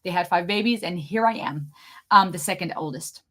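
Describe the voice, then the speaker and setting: A young adult woman with a slight German accent, hosting a live Q&A in an excitable, fast-talking, chatty way. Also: fairly low pitch. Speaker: channel host doing a live Q&A. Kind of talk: casual live-stream chat.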